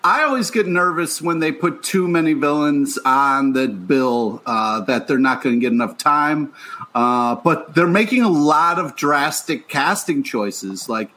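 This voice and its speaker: A man's voice: a little high, lively intonation, unhurried, pushed and bright. Rambling, hesitant man on a podcast. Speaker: podcast co-host. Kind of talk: casual chat.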